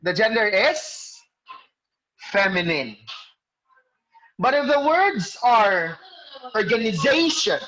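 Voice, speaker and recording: A male teacher giving an online class lecture over a video call. He explains slowly, quizzes students by name and corrects himself mid-sentence. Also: high-pitched, very animated, pushed and bright, rough recording.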